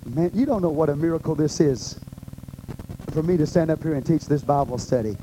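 A man with a Texan accent, a pastor teaching a Bible study to a group, preaching with passion that swings between loud and hushed. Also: a little high, brisk, background noise. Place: church meeting room with a group.

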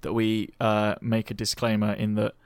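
A man chatting jokily and deadpan as a player in a tabletop game. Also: lowish voice, moderate pace, crowd noise. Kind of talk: casual chat.

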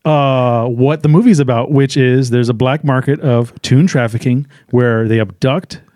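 A man's voice: medium pitch, steady tone, darkish tone, no echo, studio quality. A man co-hosting a movie review podcast, talking casually and rambling with lots of fillers. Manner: rambling, quick interjections, frequent fillers. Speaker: podcast co-host.

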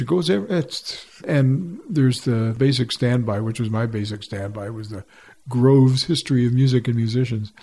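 Older man, gravelly mellow voice. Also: mid-range voice. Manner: reflective storytelling with frequent restarts. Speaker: retired orchestra musician, guest. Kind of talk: conversational interview.

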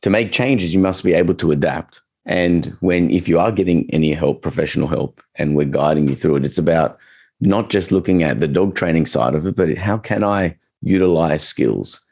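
A man talking casually as a dog trainer, chatty and relaxed, acting out little quoted reactions as he explains. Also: deep voice, moderate pace, husky. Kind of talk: casual podcast chat.

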